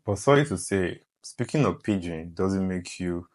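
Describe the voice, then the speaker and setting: A man's voice: low-pitched, animated, normal speed. A man co-hosting a casual podcast, asking questions with hesitant restarts.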